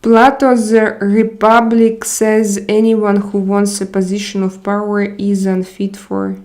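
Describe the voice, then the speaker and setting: Her voice sits at a medium pitch, dark in tone and flat in delivery, as this livestream host chats and reads out comments. She's slow and unsure, with many pauses while she hunts for the right words.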